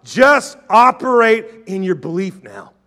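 A male pastor preaching a sermon with passion, calling on the congregation to answer back and acting out doubters' objections in a quieter voice. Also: high-pitched, lively intonation, unhurried.

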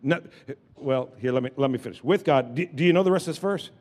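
A man's voice: medium pitch, quick pace, darkish tone, long reverb tail. A man preaching a sermon from the pulpit, leading call-and-response with the congregation, repeating phrases and restarting sentences. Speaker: pastor. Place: church sanctuary with congregation.

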